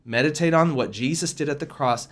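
A man delivering a sermon in an earnest, prayerful tone. He speaks to his listeners as y'all, sharing what he feels he has heard. When he explains a verse, he slows down and leans hard on the words that matter. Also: fairly high pitch, fairly bright tone. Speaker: preacher sharing a prophetic word. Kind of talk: spontaneous sermon and scripture reading.

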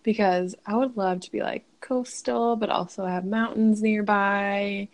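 A young woman in her twenties, co-hosting a podcast and chatting in a relaxed way, telling stories. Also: medium pitch, unhurried. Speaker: podcast co-host. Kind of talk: casual chat.

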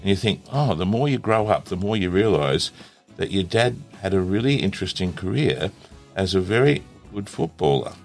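A man's voice: low-pitched, animated, normal speed, faint music behind. A man hosting a casual interview, jovial and laughing often as he leads laughing exercises. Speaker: host.

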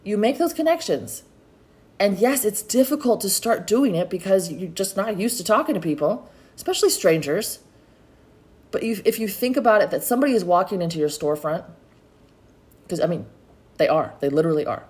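A woman's voice: mid-range voice, animated, moderate pace, darkish tone. A middle-aged woman hosting a solo podcast, talking in a chatty, encouraging way and calling her listeners y'all. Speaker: podcast host. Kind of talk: motivational solo podcast talk.

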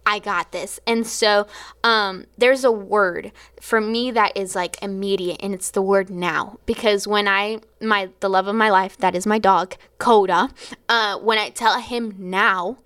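A young adult woman tells her faith story in a loose, conversational way. She acts out what she and others said and often breaks into laughter. Her voice is smooth and resonant, with a middle pitch for a woman. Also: steady tone, measured pace, a bit bright. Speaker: teacher sharing a personal faith testimony. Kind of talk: casual spoken testimony.

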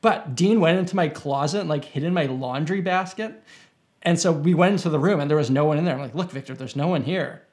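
Young man, slightly higher voice, loose rambling storyteller in relaxed chat. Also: a little fast. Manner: rambling anecdote with many fillers and restarts. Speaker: podcast guest. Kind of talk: casual conversation, storytelling.

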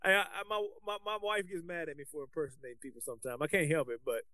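High-voiced man chatting on a podcast. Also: quick pace. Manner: animated, colloquial, restarts often. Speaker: podcast co-host, basketball coach. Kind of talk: casual podcast chat.

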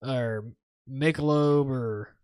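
A man's voice: mid-range voice, slow, a little mellow. A man on a podcast, chatting casually over a voice call, rambling with many restarts. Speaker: podcast guest. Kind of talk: casual chat. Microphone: remote voice call.

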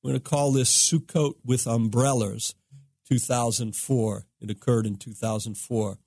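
A man's voice: mid-range voice, fairly even intonation, unhurried, darkish tone, breathy edge, dry recording. A middle-aged man, a rabbi, teaching from scripture in a podcast, reading verses with emphasis and explaining them.

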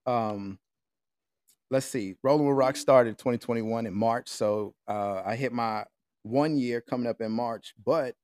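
This podcast host is an American man working remotely, chatting casually in a relaxed, slangy manner full of filler words. His mid-range voice is a little slow and a little mellow. The recording, made over a remote call with a mixer, is studio quality with no echo.

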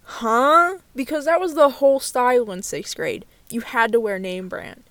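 A woman's voice: a little high, lively intonation, moderate pace, no room sound. A young woman telling a candid storytime vlog from inside her car, swearing freely and filling her talk with "like.". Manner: candid, sweary, full of "like" fillers. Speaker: vlogger. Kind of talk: casual storytime chat.

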